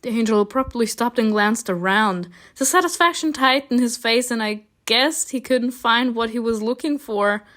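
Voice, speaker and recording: A woman reading a story game aloud and reacting, excitable and gushing between lines. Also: on the high side, moderate pace, few pauses. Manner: excitable, gushing, often laughing.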